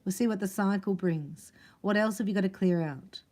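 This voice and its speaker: Mellow-voiced woman giving a chatty tarot reading. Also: mid-range voice, moderate pace. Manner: chatty, laughs often, acts out other voices. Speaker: tarot reader. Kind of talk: casual spiritual tarot reading.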